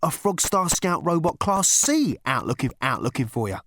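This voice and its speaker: A man's voice: on the high side, big pitch swings, normal speed, vocal fry, a bit bright, no room sound, studio quality, pitched above the performer's own voice, full character voice. A man voicing a short, stocky, weather-beaten man who talks in an urgent, clipped hiss.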